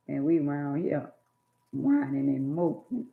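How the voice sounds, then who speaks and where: A vlogger with a low, gravelly, slightly mellow voice speaks a little slowly with long pauses. She preaches life advice straight to her viewers in an emphatic, sermon-like monologue. The recording sounds tinny, like a phone, in an echoey room.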